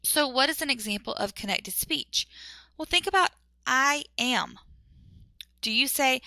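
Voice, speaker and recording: Gravelly-voiced woman teaching English. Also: sits high, animated, bright, forceful tone, no echo. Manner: chatty, self-interrupting, demonstrates words slowly. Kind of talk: casual teaching vlog.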